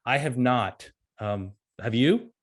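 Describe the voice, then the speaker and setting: A man's voice: mid-range voice, lively intonation, slow. A man who is an author and beekeeper, a guest in a casual interview, easygoing, telling anecdotes and laughing often.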